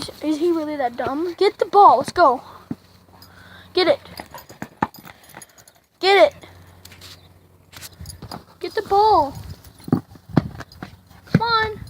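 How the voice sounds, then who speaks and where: A woman's voice: extremely high pitch, background noise. A woman vlogging casually at home, playfully coaxing and chatting to her dog on a handheld camera.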